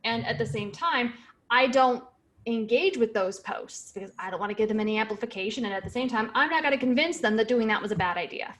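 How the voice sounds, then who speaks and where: A woman co-hosting a podcast in a casual advice chat, speaking in a direct, emphatic way. Her voice sits a little higher than most women's. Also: fairly quick, a bit bright, slight background noise. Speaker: podcast co-host.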